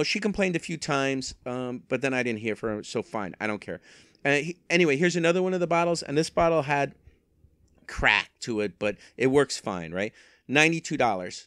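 A man's voice: medium pitch, a bit bright, dry recording, clean studio sound. A man in a casual vlog, talking through his online resale sales on a handheld microphone, rambling with wry, self-mocking asides. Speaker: eBay reseller.

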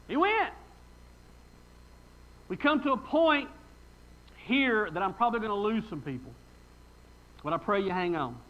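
A man's voice: very high-pitched, lo-fi sound. A pastor preaching a sermon in a folksy, emphatic way, reading scripture and asking his congregation rhetorical questions.

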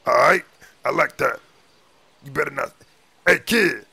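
A man's voice: medium pitch, measured pace, gravelly, pushed and bright, husky, dry recording. A man doing casual game role-play, talking in a slangy, menacing, taunting way.

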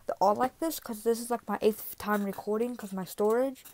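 A woman's voice: on the high side, fairly even intonation, brisk, darkish tone. A woman vlogger in casual chat, rambling with many fillers and asides, recorded on a phone. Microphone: iPhone.

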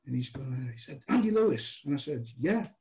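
Mellow-voiced man telling animated stories. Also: mid-range voice, brisk, vocal fry, poor audio. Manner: animated storyteller, acts out dialogue. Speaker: podcast guest. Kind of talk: anecdotal storytelling.

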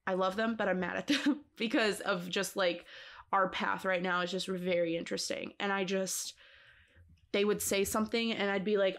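Woman co-host, mid-pitched, expressive and emphatic, laughs easily; casual podcast chat. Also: normal speed.

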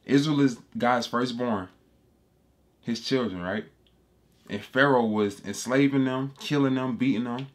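Unhurried and medium in pitch, a man comments on scripture as a Bible teacher, stressing his points and saying them over and over. He talks in a slangy street register and addresses everyone as "bro."

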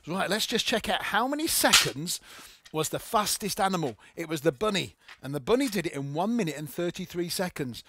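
A man's voice: sits high, sing-song, fairly quick, bright, forceful tone, slight background noise. A man hosting a live maths show for children, cheerful and playful, laughing often and chatting with a child beside him.

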